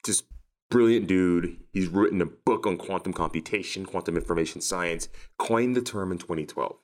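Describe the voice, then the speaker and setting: A man's voice: low voice, normal speed, darkish tone. A man co-hosting a casual conversation, rambling with many restarts and a sardonic edge.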